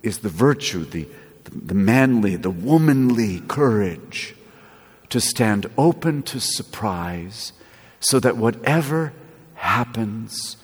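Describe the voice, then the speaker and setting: A man preaching a sermon, slow and lively, with playful asides. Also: on the low side, slightly rough. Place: church. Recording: echoey church with long reverb.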